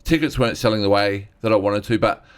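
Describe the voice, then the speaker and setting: A man talks as a guest comedian in an interview, his voice sitting a little low. He tells his stories in a candid, rambling way and acts out other people's lines as he goes. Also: fast. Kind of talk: candid storytelling chat.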